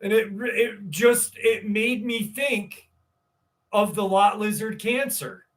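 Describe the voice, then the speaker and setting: A man's voice: high-pitched, slow, recorded from a distance. A man hosting a live stream, rambling casually, swearing freely and greeting viewers in the chat. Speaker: livestream host.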